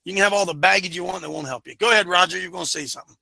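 A man hosting a talk show, preaching his points fervently and emphatically, at times yelling. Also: high voice, rapid-fire, creaky, no echo.

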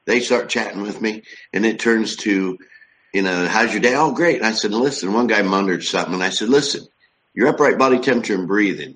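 A man co-hosting a talk show, telling a brisk, casual anecdote. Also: fairly low pitch, fairly bright tone, rough recording. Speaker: co-host.

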